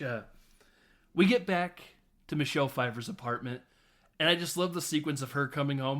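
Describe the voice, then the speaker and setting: A man's voice: a little high, normal speed, pauses often. A man casually recapping a movie on a podcast, laughing often and acting out lines from the film. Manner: animated, laughing, doing voices of film characters. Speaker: podcast host.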